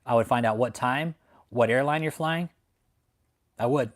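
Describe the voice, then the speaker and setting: At a normal speed and in a mid-range voice, a man hosting a live stream from home in San Antonio, Texas unleashes an angry rant. He is heated and profane, swearing repeatedly and restating his threats.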